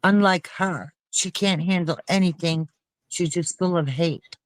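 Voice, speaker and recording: A woman's voice: lowish voice, a little slow, no echo. A woman co-hosting a casual chat panel, talking in an emphatic, heartfelt way. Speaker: panel co-host.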